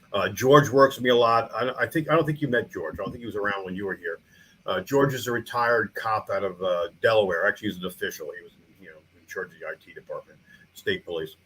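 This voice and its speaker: Rambling, animated middle-aged man. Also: on the low side, a little hiss or hum, rough recording. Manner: rambling, animated, frequent restarts and fillers. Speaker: guest, small-town mayor and museum founder. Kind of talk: casual interview storytelling.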